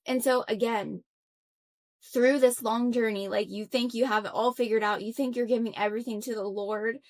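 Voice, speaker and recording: A woman's voice: on the high side, fairly even intonation, normal speed, darkish tone. A young adult woman, a podcast guest, earnestly telling a personal story in conversation, reflective and full of fillers and restarts. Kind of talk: conversational interview.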